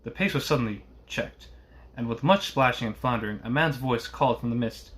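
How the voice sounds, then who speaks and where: A man reading a classic novel aloud in a steady voice, with occasional small slips. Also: medium pitch, a little fast. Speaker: reader.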